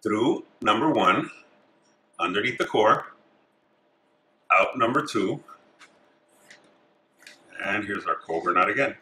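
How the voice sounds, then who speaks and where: A man calmly talking through each step of a craft tutorial as he works with his hands. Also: lowish voice, slow, long pauses, a little hiss or hum. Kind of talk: step-by-step instruction. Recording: echoey room.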